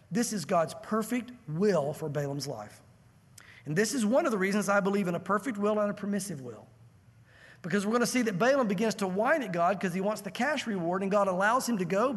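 A man preaching a verse-by-verse sermon as a pastor, emphatic and conversational, with quick asides to the listeners. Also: sits high, slightly rough, big-room sound. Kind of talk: expository sermon.

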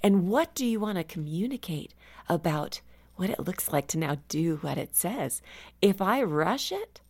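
A woman author joins a faith talk show as a guest, her voice sitting slightly low. She talks earnestly and grows animated as she tells stories. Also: a little slow, slightly rough. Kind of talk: casual radio conversation.

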